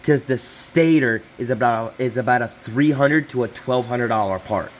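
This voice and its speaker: A man's voice: mid-range voice, normal speed, a little hiss or hum. A young man hosting a casual repair vlog in a hot garage, rambling and self-interrupting with apologetic asides. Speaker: channel host.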